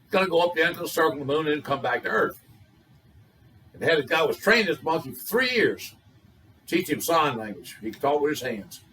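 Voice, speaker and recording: A man's voice: a little high, big pitch swings, a little fast, fairly bright tone, distant mic, rough recording. An older man, telling raunchy jokes in a folksy, colorful storytelling drawl. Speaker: joke teller.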